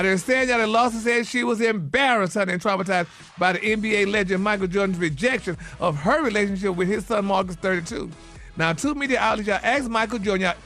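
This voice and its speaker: Sassy high-voiced man dishing radio gossip. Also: a bit bright. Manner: sassy, peppers every phrase with "honey" and "y'all"; dramatic, exclaiming. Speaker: radio show gossip co-host. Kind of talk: radio celebrity gossip segment.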